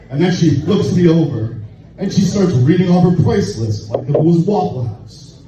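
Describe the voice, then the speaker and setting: Crude stand-up comic in an echoey bar. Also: male voice, fairly high pitch, moderate pace. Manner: crude, deadpan storytelling with laughs. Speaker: stand-up comedian. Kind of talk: open mic stand-up. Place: bar open mic. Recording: echoey, distant, muffled room recording with noise.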